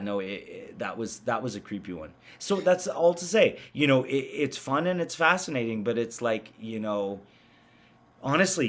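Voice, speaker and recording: A man in his thirties, a podcast guest, telling a ghost-hunting story in a halting, rambling way, full of restarts. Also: mid-range voice. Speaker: guest, amateur paranormal investigator. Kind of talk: casual storytelling conversation.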